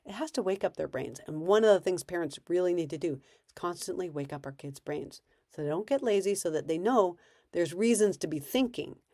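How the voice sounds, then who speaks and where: A woman's voice: lowish voice, lively intonation, a little fast, dark tone, no room sound, clean studio sound. A woman parenting coach giving casual advice in a conversational way, acting out bits of parent and child dialogue.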